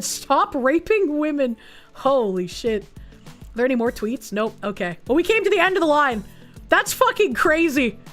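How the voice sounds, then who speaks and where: A woman's voice: high-pitched, a bit bright. A woman live streamer chatting casually with her viewers, blunt and profane, reacting to things with disbelief.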